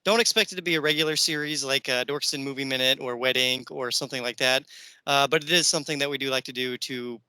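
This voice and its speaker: A man's voice: mid-range voice, fast talker, pushed and bright, clear, resonant tone, no echo, low-quality recording. A man hosting a podcast, chatting casually and enthusiastically about movies with plenty of fillers. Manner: enthusiastic, rambling with many fillers. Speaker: podcast host.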